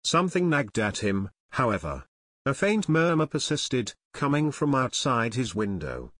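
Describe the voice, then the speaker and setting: A man's voice: medium pitch, very animated, measured pace, a bit bright, no room sound. Man narrating a children's fantasy audiobook.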